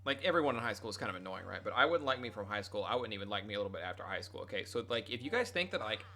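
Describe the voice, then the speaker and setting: A man's voice: on the low side, big pitch swings, racing, bright, forceful tone. A young adult man streaming, casually telling a rambling, profane, self-mocking story to his chat.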